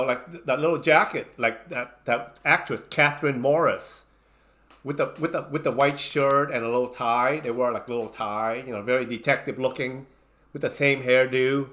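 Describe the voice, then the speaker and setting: A man telling a funny personal story in a casual, animated way. He stumbles through restarts and fillers and slips into the voices of people in the story. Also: mid-range voice. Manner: animated, acts out his own panicked lines; many fillers and restarts, non-native grammar. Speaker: channel host telling a story.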